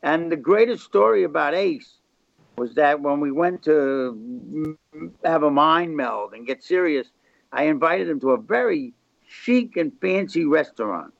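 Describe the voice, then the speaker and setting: An older man with a gravelly, creaky voice, pitched a touch high for a man, spins long, rambling stories as a podcast guest. The sound is dry and a little muffled, with no room around it. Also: lively intonation, unhurried, dry recording. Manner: rambling anecdotes, gravelly chatty delivery. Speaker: record label founder, podcast guest. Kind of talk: casual storytelling interview. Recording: slightly muffled dry recording.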